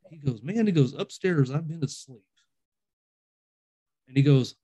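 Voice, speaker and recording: Man, somewhat high voice, chatty skeptic spinning long, winding ghost anecdotes. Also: animated, normal speed, mellow. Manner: rambling storyteller, acts out quoted dialogue; self-described skeptic and overthinker. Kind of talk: casual conversation.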